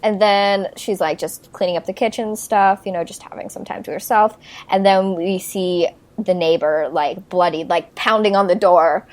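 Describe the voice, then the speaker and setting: A woman's voice: mid-range voice, moderate pace. A young woman co-hosting a podcast, chatting casually about a movie, laughing often and filling her talk with "like" and "um". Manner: chatty, laughs often, recaps plot with many fillers. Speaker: podcast co-host.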